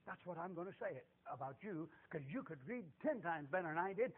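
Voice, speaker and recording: High-voiced preacher, tinny recording. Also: male voice, big pitch swings, a little fast, few pauses. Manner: folksy, emphatic, swings from shouts to hushed tones. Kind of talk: sermon. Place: church.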